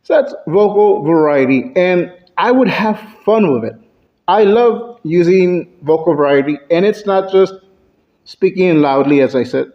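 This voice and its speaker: A man delivers a prepared speech to a club in a meeting room, with a slightly raised voice. He talks slowly and varies his pitch and loudness for effect. The recording is dull and lo-fi. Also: animated. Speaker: club speaker.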